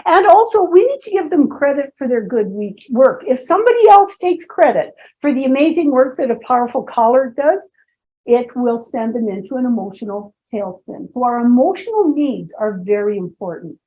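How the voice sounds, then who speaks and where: A woman with a bright, high voice leads a seminar, weaving playful personal anecdotes into her teaching and tossing asides to the audience. The recording sounds dull and lo-fi. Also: expressive, moderate pace. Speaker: presenter and personality trainer. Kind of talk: humorous storytelling seminar talk.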